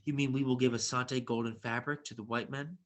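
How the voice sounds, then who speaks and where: A man's voice: mid-range voice, fairly even intonation, brisk, lightly acted. A man reading aloud as an anxious young village girl and older sister who speaks urgently.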